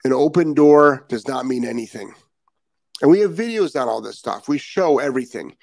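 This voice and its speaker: A man's voice: medium pitch, expressive, normal speed, gravelly, darkish tone, no echo. A man hosting a live dog-training show, talking bluntly and repeating his key points for emphasis. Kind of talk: live-stream talk. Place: Florida.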